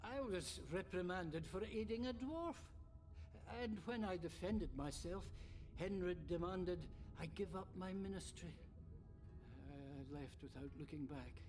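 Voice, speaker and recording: An actor playing an earnest renegade priest who speaks in a formal, solemn, sermon-like way. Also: male voice, sits high, measured pace, darkish tone, faint music behind. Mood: sorrowful. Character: earnest male renegade priest, devout and gentle. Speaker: game character.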